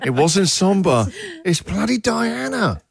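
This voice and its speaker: A man's voice: sits high, takes it slowly, creaky, over loud music. A man hosting a radio show, joking and laughing a lot as he reads out listener entries. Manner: jokey, laughs often, lively delivery. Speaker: radio host. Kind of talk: breakfast radio banter.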